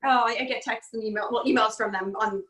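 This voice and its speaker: A chatty woman in her forties talks on a home video call, her voice sitting a bit high. She keeps an upbeat tone and laughs easily. The sound is roomy, with the echo of a room at home. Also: fairly even intonation, fairly quick, a bit bright. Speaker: guest, speech pathologist. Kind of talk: casual video call interview.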